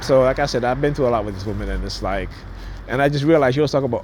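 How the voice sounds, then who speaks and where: Man vlogging outdoors, mid-pitched rambling talk, faint traffic behind. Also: racing, darkish tone. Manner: rambling and repetitive, restarts a lot, chuckles. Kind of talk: casual monologue to camera.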